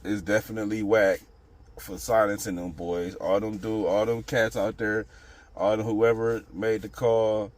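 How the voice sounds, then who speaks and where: A man with a notably low voice talks straight to his channel's viewers in an unscripted opinion monologue. He rambles, circles back on his points, and leans on slang and the same filler phrases again and again. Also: level tone, unhurried, a little mellow. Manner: rambling, street slang, repeats "you know what I'm saying". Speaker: channel host.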